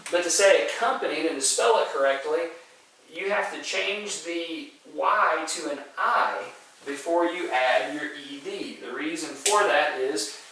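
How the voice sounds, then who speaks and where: A man's voice: a little high, unhurried, pushed and bright, a little hiss or hum. A male teacher giving a spelling lesson, explaining step by step and often checking in with "okay?" and "right?". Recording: very echoey room, voice from far off the mic.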